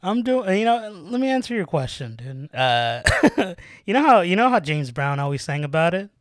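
A man co-hosting a casual podcast, animated and laughing a lot, recording in a small cramped room. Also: fairly high pitch, normal speed, no echo, clean studio sound. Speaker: podcast co-host. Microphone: not his usual mic setup.

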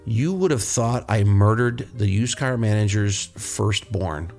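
A man with a fairly low voice tells shop stories in a loose, casual podcast style. He is blunt and swears freely, and he wanders through his anecdotes with restarts. Faint music runs underneath. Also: expressive, unhurried, darkish tone. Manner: blunt and profane, rambling anecdotes. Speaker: podcast host, auto mechanic.

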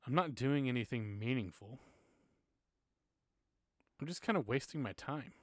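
A man in his thirties speaks in a casual podcast conversation, earnest and open as he tells personal stories. His voice is mid-pitched and recorded dry and close, with no room sound. At times he gets emotional. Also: animated, a little slow, no room sound. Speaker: podcast guest, church music minister.

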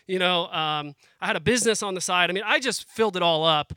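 Man, 30s, guest preacher; high, sharp voice, earnest talk to the crowd, emotion close to the surface. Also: clean tone, no echo. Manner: earnest, conversational preaching, addresses the crowd as "guys"; emotional, pauses and restarts as he speaks. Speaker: guest speaker at a family worship program. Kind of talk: sermon.

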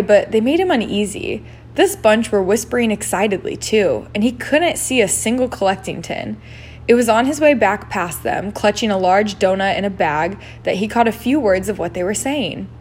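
A woman reading a novel aloud at an unhurried pace, now and then adding her own asides. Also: mid-range voice, a little hiss or hum. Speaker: reader.

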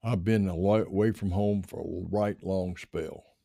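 Guy voicing a young confederate soldier, deep, folksy drawl, dry sound. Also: fairly even intonation, unhurried, gravelly, mellow, dry recording, full character voice.

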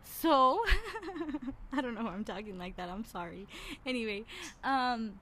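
A woman's voice: mid-range voice, fairly quick. Young woman, solo casual monologue, fiery and profane, faint noise floor. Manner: animated, swears freely, gets worked up. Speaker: podcaster.

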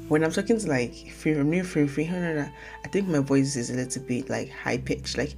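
A young woman from Nigeria hosting her own casual podcast, talking fast and rambling, often correcting herself mid-sentence. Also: low-pitched, gravelly, a little mellow, soft background music. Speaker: podcast host. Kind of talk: casual solo podcast talk.

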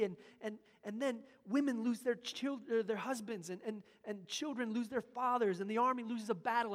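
A pastor delivering a sermon with emphatic delivery, swinging between loud urgent passages and hushed asides. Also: medium pitch. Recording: long hall reverb.

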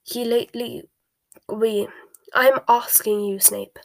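A woman reading a scornful, fanatically loyal dark witch aloud in a whispered storybook voice, sneering and quick to flare. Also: medium pitch, fairly even intonation, husky, close to an everyday voice.

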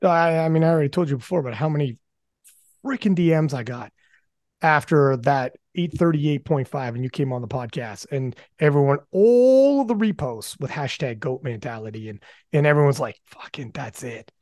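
A man hosting a podcast in casual chat, animated and swearing often, restarting his sentences. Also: fairly high pitch, normal speed, no echo, studio quality. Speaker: podcast host.

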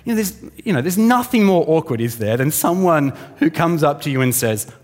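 A man delivers a sermon in a relaxed, conversational way. He is animated and slips into little voices for the people he quotes. His voice rings with the long reverb of a large hall. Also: on the high side, moderate pace, hardly any pauses. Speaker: preacher.

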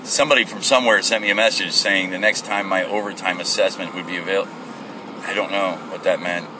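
A man's voice: deep voice, fairly even intonation, brisk, background noise. A middle-aged man hosting a casual solo podcast from his car, telling a rambling story and acting out the people in it with mock voices. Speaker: podcast host. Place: in a car, at a gas station.

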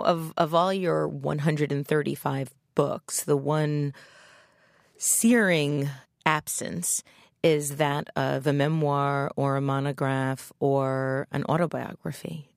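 Low gravelly-voiced woman interviewer. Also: steady tone, slow, no room sound, studio quality. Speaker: interviewer host. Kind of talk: interview questioning.

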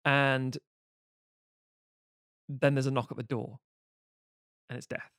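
A man's voice: medium pitch, little pitch movement, slow, a bit bright, no echo, studio quality. A man chatting casually as a podcast co-host, rambling, profane and jokey as he recaps a film.

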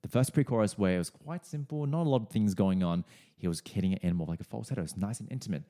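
A man's voice: fairly low pitch, fast, warm tone. A man working as a singing coach, breaking down a song's vocals for viewers in a friendly, explanatory way with casual fillers.

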